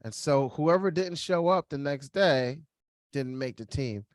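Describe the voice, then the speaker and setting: A young man co-hosting a podcast, telling a personal story in casual chat, lively and laughing, acting out the voices of others. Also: mid-range voice, a little slow, dry recording, clean studio sound. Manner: animated, acts out quoted voices, laughs while telling. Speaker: podcast co-host.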